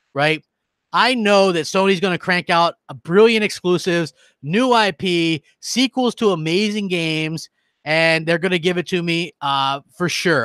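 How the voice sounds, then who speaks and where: A gaming channel host with a voice that sits high and sounds a bit bright rants heatedly on a live stream, reading out viewer comments. There is no room sound.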